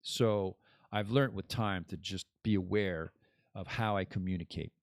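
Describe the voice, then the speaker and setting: A man's voice: sits low, a little slow, dry recording, clean studio sound. A man hosting his own podcast in a casual, rambling monologue that drifts between topics and laughs at his own jokes. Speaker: podcast host.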